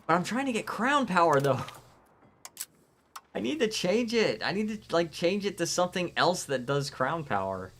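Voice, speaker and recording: A man's voice: high voice, very animated, moderate pace, a bit bright. Chatty man streaming a game. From Florida, United States. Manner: chatty, rambling, reacts to viewer chat. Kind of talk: casual live-stream commentary.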